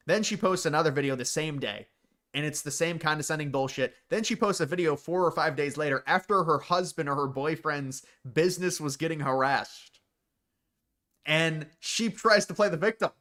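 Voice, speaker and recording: A man's voice: fairly high pitch, fairly quick, fairly bright tone. A man hosting a livestream, reacting to chat in blunt, profane, sarcastic rants. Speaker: livestream host. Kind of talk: casual livestream commentary.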